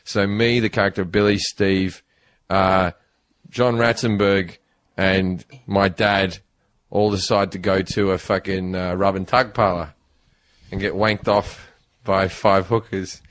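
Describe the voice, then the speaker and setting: A man with an Australian accent telling profane, animated stories in casual podcast chat. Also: low-pitched, measured pace. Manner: profane, laughing, animated storyteller. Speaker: comedian guest.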